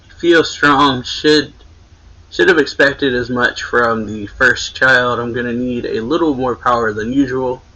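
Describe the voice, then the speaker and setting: A man reading a blunt cocky male vampire. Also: unhurried. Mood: casual. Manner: read aloud a bit louder and higher. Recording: muffled lo-fi recording.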